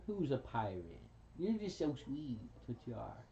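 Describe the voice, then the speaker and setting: A woman chatting fondly with her pet bird at home, cooing pet names and laughing softly. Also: a bass voice, sing-song, normal speed. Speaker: pet bird owner on a livestream. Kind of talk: casual chat with a pet. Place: indoors at home. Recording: dull lo-fi home livestream audio.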